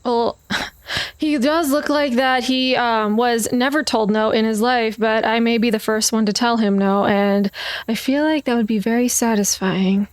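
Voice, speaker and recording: A woman player speaking in character in a tabletop role-play, playful and quick to laugh. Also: fairly high pitch, fairly even intonation, smooth, no room sound.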